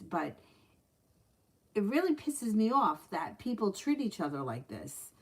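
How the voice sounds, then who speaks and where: A woman's voice: mid-range voice, big pitch swings, normal speed, slightly rough. A woman running a live-stream tarot reading, chatty and blunt, swearing freely when something annoys her. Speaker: tarot reader.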